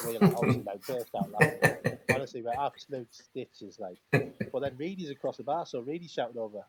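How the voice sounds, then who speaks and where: A man tells lively stories over a video call. He keeps the delivery animated, acts out other people's lines as he goes, and laughs often. His pitch sits in a middle range. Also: fast talker, low-quality recording. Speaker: former professional footballer, guest. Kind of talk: casual storytelling.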